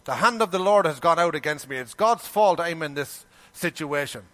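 Preaching man with a higher voice. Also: normal speed. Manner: animated, rhetorical questions, colloquial grammar. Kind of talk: sermon.

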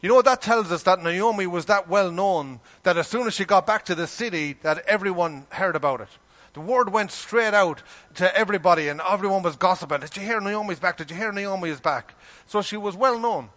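A male preacher with a fairly high voice delivers a sermon with emphasis. He keeps asking his listeners rhetorical questions and slips into the voices of the people he quotes. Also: brisk, a bit bright.

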